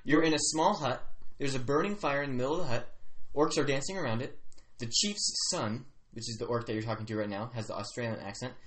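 A man's voice: fast, hardly any pauses, a bit bright. A young man running a tabletop game as narrator, playful and often laughing. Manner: laughing, playful, jumps high in pitch. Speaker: game master.

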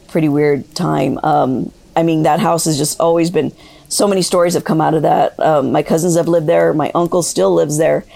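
A woman calling in to share a ghost story, telling it in a rambling, halting way with many fillers. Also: low voice, vocal fry, mellow, no echo. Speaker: caller sharing a ghost story. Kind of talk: casual spoken storytelling.

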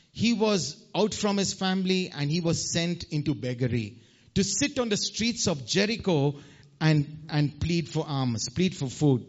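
A man with a high-pitched voice delivers a fervent sermon testimony. He repeats phrases for emphasis and moves between hushed passages and loud cries. The recording sounds dull and lo-fi. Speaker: preacher giving testimony.

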